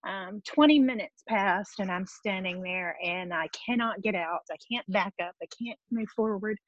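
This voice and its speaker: Woman, middle-aged, tearful, halting speech, lots of ums, dry muffled call audio. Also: medium pitch, dry recording. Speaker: guest sharing a weight-loss story. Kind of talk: emotional personal testimony on a video call. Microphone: video call.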